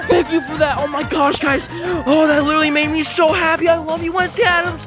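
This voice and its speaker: A reaction video host giving excited commentary, shouting and gasping often. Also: sits high, fast. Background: background music.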